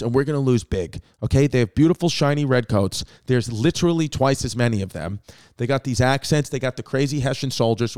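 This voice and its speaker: A man in his thirties with a New York accent, telling history as a comedy bit, profane and rambling with quick asides. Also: mid-range voice, a little mellow, no echo, studio quality. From Staten Island, New York.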